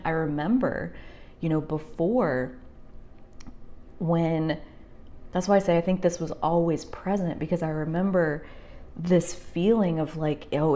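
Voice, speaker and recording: A young woman talking through a heartfelt personal reflection, rambling with many fillers and sometimes dropping to a soft near-whisper. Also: sits low. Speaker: spiritual vlogger.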